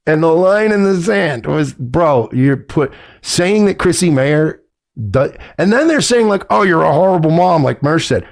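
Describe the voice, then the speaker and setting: A man's voice: fairly high pitch, expressive, a little slow, creaky. A man in a played clip, speaking in an indignant, sarcastic and profane way. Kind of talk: clip of a podcast rant.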